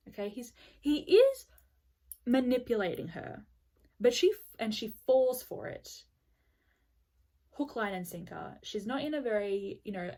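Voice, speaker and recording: Woman, book vlogger, candid and irritated, filler-heavy casual delivery, mid-height voice. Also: medium pitch. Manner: blunt, exasperated, peppered with "like" and swearing. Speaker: book reviewer. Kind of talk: casual book review vlog.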